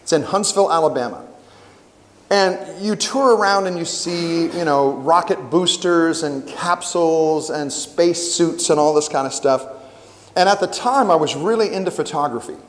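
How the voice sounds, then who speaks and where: A middle-aged man giving a storytelling sermon as a camp worship speaker, animated and acting out the quotes. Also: fairly high pitch, moderate pace. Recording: long hall reverb.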